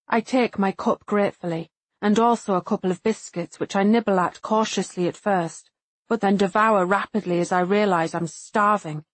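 A woman reads a first-person novel aloud in a measured, inward tone, lightly giving the other characters their own voices. Her voice sits at an ordinary middle pitch for a woman. It is recorded close and dry, with no room sound around it. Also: dry recording. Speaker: audiobook narrator. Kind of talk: first-person audiobook narration.

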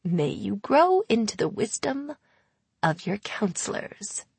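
Brief: a woman playing a menacing old hag for an audiobook, purring and slow. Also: medium pitch, sing-song, creaky, darkish tone, husky, no room sound, exaggerated voice. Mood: grudging. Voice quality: purring, whispery. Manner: sly, deliberate, cold. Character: ancient sly female hag, cold and menacing. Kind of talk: audiobook character voice.

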